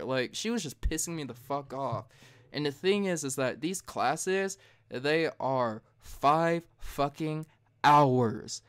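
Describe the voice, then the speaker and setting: A young man hosting a casual late-night podcast, retelling a story in a profane, heated way. He jumps high and loud when he imitates himself. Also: animated, slow, clear, resonant tone. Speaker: podcast host.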